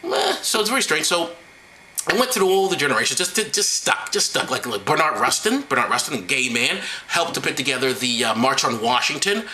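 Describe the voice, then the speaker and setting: Man, host, sarcastic mock-serious monologue, high bright voice that swings widely, often cracks up. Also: sing-song, fairly quick, slight background noise, poor audio. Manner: sarcastic, keeps breaking into laughter. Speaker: video host.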